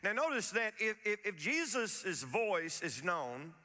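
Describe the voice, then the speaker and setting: A man with a high, very bright voice preaches a sermon, repeating words as he restarts his thoughts and slowing down for scripture. His voice rings out through a long hall reverb. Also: sing-song. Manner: repetitive restarts, emphatic preaching, quotes scripture slowly. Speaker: pastor.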